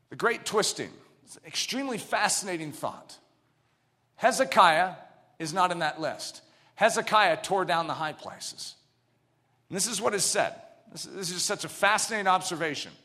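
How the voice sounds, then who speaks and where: Bright, forceful man delivering a sermon, pitched high with his voice leaping all over the place. He lurches from hushed, almost whispered lines to loud shouts, and his words ring out with the long reverb of a large church. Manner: dramatic, swings from near whispers to shouts. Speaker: pastor.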